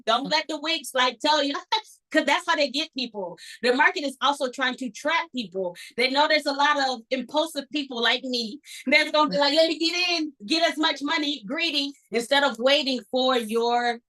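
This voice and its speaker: Bright high-voiced woman teaching trading. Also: moderate pace, poor audio. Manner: animated, acts out her own past thoughts. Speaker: trading instructor. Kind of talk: casual teaching talk.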